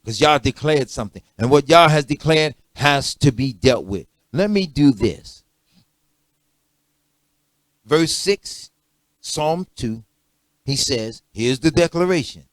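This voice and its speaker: A man preaching a sermon, swinging from quiet conversational asides to loud, emphatic declarations and checking that listeners follow. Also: medium pitch, expressive, slow pace, pauses often, no room sound.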